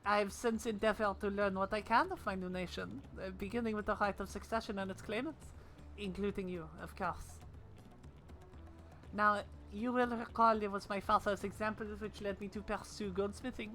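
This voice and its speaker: A woman voicing a polite, earnest young goldsmith woman in a put-on British accent, with a formal and gentle delivery. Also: medium pitch, steady tone, moderate pace, soft background music, natural voice, poor audio. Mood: solemn.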